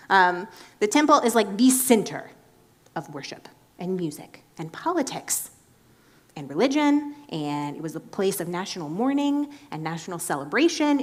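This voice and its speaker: A woman preaching in a casual, chatty way, animated and filling her talk with "like.". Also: medium pitch. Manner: chatty and animated, heavy use of "like". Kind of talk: casual sermon.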